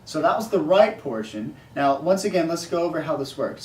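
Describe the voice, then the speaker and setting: A man with a fairly high voice and lively intonation walks through a drumming exercise at normal speed, casually describing the sticking and counting the rhythms aloud. He's off-mic in an echoey, noisy space.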